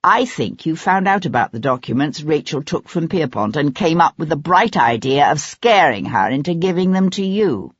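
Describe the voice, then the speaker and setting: An audiobook reader voicing a sharp-tongued nobleman investigator who probes with cold, relentless accusations, in a dry, slightly dull recording. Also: fairly high pitch, big pitch swings, moderate pace, few pauses, breathy edge, dry recording. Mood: accusing.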